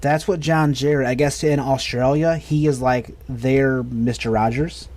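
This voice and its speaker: A man's voice: mid-range voice, steady tone, unhurried, a little mellow. An American man in his thirties, co-hosting a podcast in a rambling, enthusiastic casual chat full of restarts. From United States. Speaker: podcast co-host.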